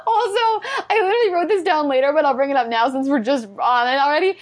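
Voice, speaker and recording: A young woman with a high, light voice talks through a movie in casual podcast chat. She is animated and laughs often, tossing in quick asides as she goes. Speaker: podcast co-host.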